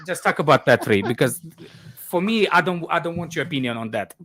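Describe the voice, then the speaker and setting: Teasing man, a little high-voiced. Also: animated, fairly quick, a crowd in the background. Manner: teasing, repeats himself, searches for words. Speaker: podcast co-host. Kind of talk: casual chat.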